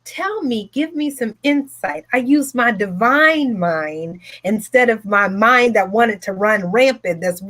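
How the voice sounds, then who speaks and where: A woman hosting a retreat, telling her story in a motivational talk with an emphatic, repetitive, animated delivery from her home office. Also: mid-range voice. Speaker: retreat host, speaker.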